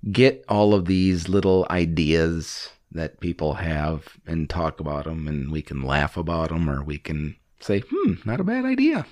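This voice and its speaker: A podcast host in casual chat on a call, animated and playful, laughing often. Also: rumbling low, measured pace, few pauses, no echo, clean studio sound. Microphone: call audio.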